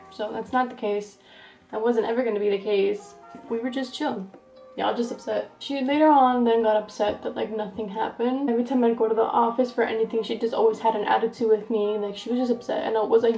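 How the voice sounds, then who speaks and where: Brief: young woman vlogger, gossipy storyteller, warm tone, lots of "like". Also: fairly high pitch, a little fast, gravelly, roomy sound, faint music behind. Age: young adult. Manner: animated, gossipy, fills speech with "like". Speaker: beauty vlogger. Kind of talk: storytime get-ready-with-me chat.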